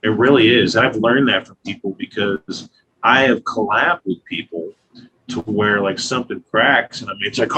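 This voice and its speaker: A man's voice: fairly low pitch, normal speed. Man, 30s, glass artist guest, loose swearing storyteller, faint background noise. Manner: profane, loose, storytelling with acted quotes. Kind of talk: casual interview talk.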